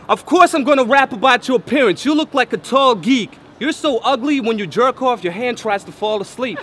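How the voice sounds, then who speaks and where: A man's voice: very high voice, expressive, normal speed, a bit bright, a little hiss or hum. A Bosnian man whose first language is Bosnian, rapping aggressive, taunting battle verses outdoors. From Bosnia and Herzegovina. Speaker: battle rapper. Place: outdoors at a battle event under a bridge.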